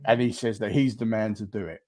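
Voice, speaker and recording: A man's voice: lowish voice, steady tone, fast talker, darkish tone, no echo, clean studio sound. A man, co-hosting a casual podcast, rambling through stories and laughing often. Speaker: podcast co-host. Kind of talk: casual chat.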